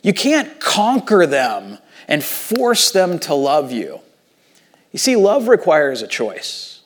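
A male pastor preaches in a lively, conversational manner. His voice sits a little higher than most men's. He moves between loud, emphatic passages and quiet, hushed ones. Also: slow pace. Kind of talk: sermon.

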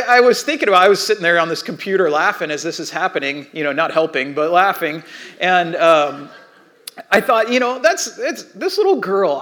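A man preaching a sermon as pastor, telling a story and acting out shouting children. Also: fairly high pitch. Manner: storytelling, animated voices for quoted kids.

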